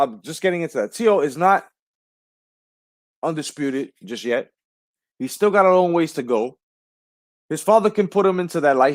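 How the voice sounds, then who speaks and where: A man's voice: mid-range voice, no room sound. A man hosting a casual boxing livestream, talking in a heated, profane way and often repeating himself. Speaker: livestream host.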